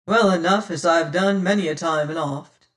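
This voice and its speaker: A woman's voice: lowish voice, moderate pace, recorded from a distance, lightly acted. A woman doing a bold young adventurer. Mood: resolute. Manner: firm, hearty, old-fashioned speech.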